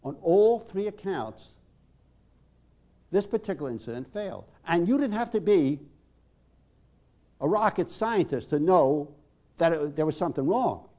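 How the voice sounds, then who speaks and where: A male therapist lectures in a measured, emphatic way, leaning on dramatic pauses. His voice sits a bit high and moves with a lively rise and fall. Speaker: psychotherapist.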